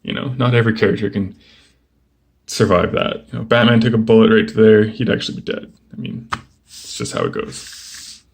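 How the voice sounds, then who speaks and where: A young man casually flipping through a comic book and chatting about each page, relaxed and rambling with lots of fillers. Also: fairly low pitch, normal speed, gravelly, long pauses. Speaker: comic book video host.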